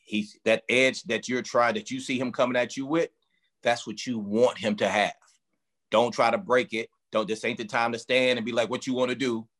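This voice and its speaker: A man's voice: medium pitch, steady tone, moderate pace, fairly bright tone. A man who coaches boxers, talking casually in an interview and explaining his work through emphatic, vivid analogies. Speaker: strength and conditioning coach for boxers.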